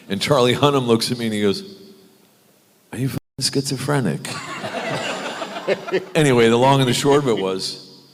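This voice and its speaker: A middle-aged American man, a guest on a convention panel, telling anecdotes in an animated way, mimicking other people and often laughing. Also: mid-range voice, normal speed, pauses often, slight background noise. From United States. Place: large convention hall. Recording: convention hall reverb.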